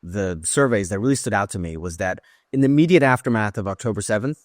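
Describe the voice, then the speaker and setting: A man's voice: fairly low pitch, expressive, quick pace, dry recording, clean studio sound. A man speaking as a podcast guest in an earnest, thoughtful way, often restarting his sentences. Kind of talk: conversational interview.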